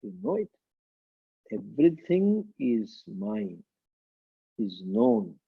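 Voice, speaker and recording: A man, a swami, giving a slow and deliberate scripture lecture with frequent chuckles, heard over tinny phone-like sound. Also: on the high side, gravelly, husky.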